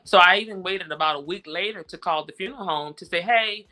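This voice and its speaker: Woman, bright forceful voice, weary and frustrated, interview guest, steady personal retelling. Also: fairly low pitch, fast. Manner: steady retelling, repeating exchanges. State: worn out, frustrated. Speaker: interview guest, grieving mother. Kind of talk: personal account in conversation.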